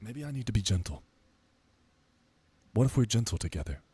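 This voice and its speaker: A young man rambling in a casual monologue, self-mocking and swearing casually as he muses out loud. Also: lowish voice, sing-song, a little fast, husky, dry recording. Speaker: musician vlogger.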